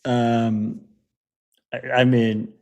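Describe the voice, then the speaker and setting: A man's voice: medium pitch, level tone, drawn-out words, gravelly, darkish tone, highs cut off. A man co-hosting a podcast in casual chat, talking loosely with fillers and restarts. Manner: hesitant, restarts with filler words. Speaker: podcast co-host.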